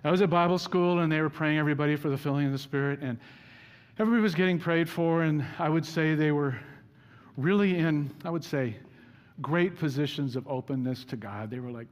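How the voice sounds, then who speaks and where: A man's voice: a little high, brisk. A man preaching a sermon as pastor, telling a personal story in a casual, self-deprecating way. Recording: reverberant hall.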